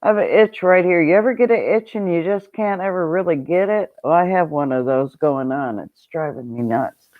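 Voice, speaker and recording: A woman hosting a casual livestream, chatty and quick to laugh as she greets viewers. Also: fairly low pitch. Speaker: livestream host. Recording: tinny phone-like sound.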